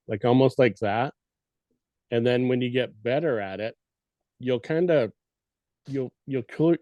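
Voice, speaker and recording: A man's voice: mid-range voice, darkish tone, no room sound. A man on a podcast casually explaining elk cow calls and sometimes mimicking them with his voice. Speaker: guest elk calling expert.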